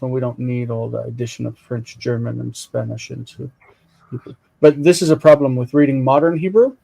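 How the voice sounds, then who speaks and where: A man's voice: medium pitch, vocal fry, dark tone, rough recording. A man co-hosting a live stream, chatting casually and eagerly explaining words aloud while looking them up. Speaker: co-host of a Hebrew Bible reading stream.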